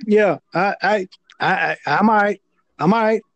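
A man with a Southern American accent chatting about wrestling, animated, restarting his sentences. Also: sits high, normal speed, muffled recording. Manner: animated, stammering restarts, loud impressions. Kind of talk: casual wrestling chat.

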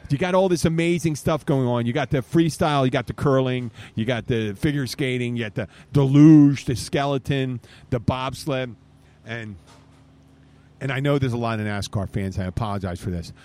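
A man's voice: mid-range voice, normal speed, a little mellow. A man hosting a podcast from an outdoor bar stage, telling rambling, profane stories in casual chat. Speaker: podcast host.

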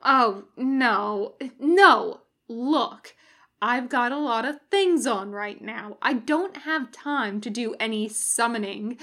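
A woman's voice: on the high side, fairly bright tone. A woman voicing a weary, sardonic male demon who grumbles in exasperation, read for a fan audiobook.

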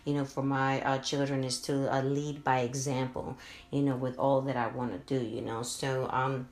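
A woman's voice: a bass voice, little pitch movement, normal speed, darkish tone. A woman in her thirties hosting a podcast, talking casually and from the heart, with many filler words. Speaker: podcast host. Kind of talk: casual motivational podcast talk. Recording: roomy echo.

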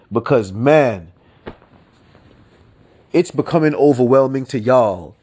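A man's voice: lively intonation, mellow. A man hosting his own podcast, talking casually in slang, exasperated and drawn out, with mocking outbursts. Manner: slangy, exasperated, slow and drawn out with sudden high-pitched mock outbursts. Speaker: podcast host. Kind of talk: casual solo podcast commentary.

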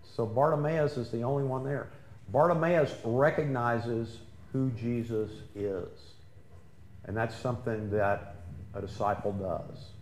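A man's voice: lowish voice, a little mellow, slight background noise. A man preaching a sermon in a conversational way, often asking the congregation questions. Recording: echoey room with faint ambience.

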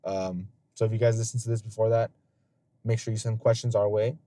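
Podcast host, male, dark mellow tone, dry close sound, swears a lot, loose storyteller. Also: lowish voice, little pitch movement, fairly quick, dry recording. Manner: laughs often. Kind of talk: casual podcast chat.

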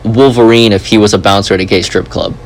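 Podcast host, male, lowish voice, rambling and jokey, faint hiss behind. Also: fast, poor audio. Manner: rambling, joking, animated asides. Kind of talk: casual chat.

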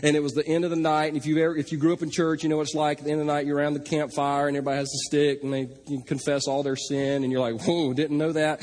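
A man preaching a sermon, telling a joking, animated story. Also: a little high, rapid-fire, few pauses. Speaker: pastor.

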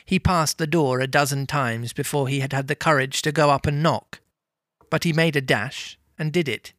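A man reading a novel aloud with lively, amused storytelling. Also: a little high, moderate pace, no room sound, clean studio sound. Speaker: reader.

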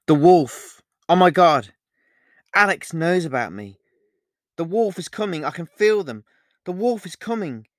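A man's voice: fairly high pitch, lively intonation, measured pace, fairly bright tone, no echo, studio quality. A man voicing a frightened pregnant young woman who is a werewolf, in an audiobook reading, speaking in a raised, urgent, pleading way. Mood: panicked.

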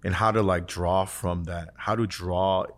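A man with a fairly low voice talks casually on a faith podcast. He tells his story earnestly, rambling and restarting often, with "like" scattered through his sentences. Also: steady tone, a little slow. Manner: earnest, rambling, heavy use of "like". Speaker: podcast co-host.

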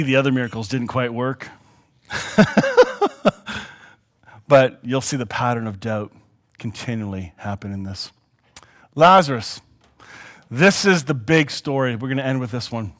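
A man teaching a Bible lesson, reading the scripture aloud and breaking off for chatty, joking asides. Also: medium pitch. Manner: animated, chatty, jokey storyteller.

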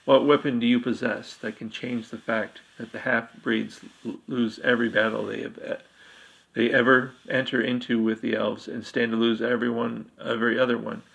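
A harsh, menacing cannibal half-elf king from a dark fantasy story, as a man reading it puts him on. He talks in a gravelly, flat voice and demands answers. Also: medium pitch, normal speed, rough recording. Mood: probing.

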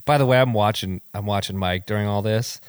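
A man's voice: lowish voice, a little fast, clean tone, no room sound, clean studio sound. A man co-hosting a casual podcast, adding wry, teasing asides. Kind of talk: casual chat, joking asides.

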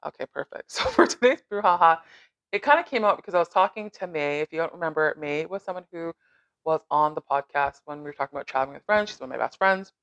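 A brash, teasing podcast host from Canada who swears freely in loose, casual chat. The voice sits at an ordinary middle pitch and sounds dry and close, with no room around it. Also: lively intonation, quick pace, a bit bright, no echo, highs cut off.

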